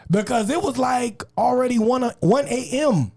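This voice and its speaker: A man from New Orleans, a comedian guest on a podcast, telling stories in an animated, profane way and acting out the scenes. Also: very high-pitched, moderate pace, gravelly, few pauses, breathy edge, dry recording. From New Orleans, USA. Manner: expressive, profane, acts out the scene. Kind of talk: animated comic storytelling.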